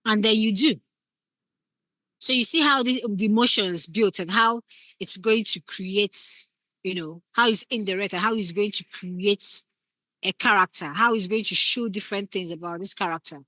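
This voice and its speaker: A woman's voice: mid-range voice, moderate pace, bright, forceful tone, dry recording. A woman teaching scriptwriting in a casual lecture, acting out short example lines as she explains. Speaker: scriptwriting instructor.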